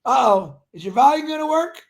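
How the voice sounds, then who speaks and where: Man, husky gravelly voice, high-pitched, upbeat rambling live-stream host. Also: animated, measured pace. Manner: upbeat, rambling, reads out viewer names. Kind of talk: casual live-stream chat, greeting viewers.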